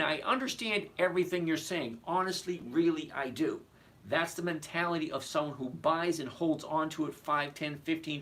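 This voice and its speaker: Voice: mid-range voice, a bit bright. Blunt, emphatic trading instructor. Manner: emphatic, blunt, repeats key points; sarcastic asides to viewers. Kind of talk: live stock and options lesson reading chat.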